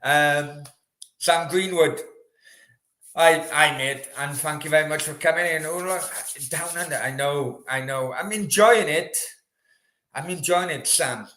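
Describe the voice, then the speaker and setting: A man chats casually and rambles with his viewers during a live stream. His voice sits a bit high and his pace is slow. The room around him is roomy and echoey. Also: bright, forceful tone. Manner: chatty, rambling, banters with viewers. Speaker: host. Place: room in Australia.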